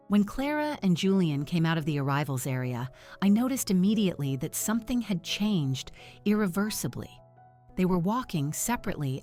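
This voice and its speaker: A middle-aged woman narrating a first-person family story in an earnest, measured way. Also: on the low side, a little mellow.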